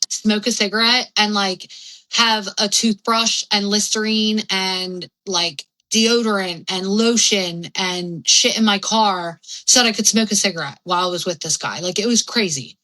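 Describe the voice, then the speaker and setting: A woman's voice: medium pitch, bright, forceful tone, low-quality recording. A young adult woman telling her own story candidly as a podcast guest, rambling and frank with lots of fillers and swearing.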